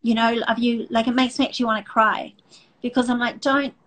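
A woman's voice: fairly high pitch, level tone, brisk, fairly bright tone, low-quality recording. A middle-aged woman hosting a faith talk show, speaking earnestly and emotionally with many restarts. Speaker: host.

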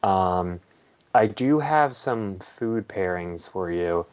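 Slow, hesitant man, low voice. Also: animated, a little mellow, muffled recording. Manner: slow, hesitant, many ums, dry humor. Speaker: podcast co-host. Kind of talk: casual podcast chat. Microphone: headphones on, studio mic.

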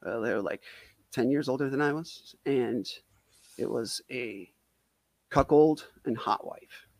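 A man's voice: mid-range voice, a little slow, vocal fry, no echo. A man from Wisconsin telling a self-deprecating comic story in a casual, rambling way, full of "like" fillers. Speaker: storyteller guest.

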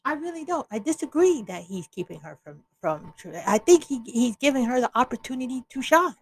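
A woman's voice: sits high, animated, brisk, husky, rough recording. A woman hosting an opinion podcast, talking bluntly and with exasperation, often restarting her sentences. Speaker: podcast host.

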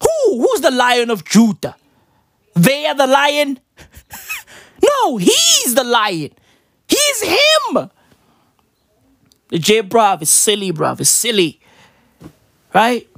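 A woman delivering a profane comedic rant, firing off rapid rhetorical questions and swinging between low mutters and high squeals. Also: huge pitch swings, no echo, studio quality.

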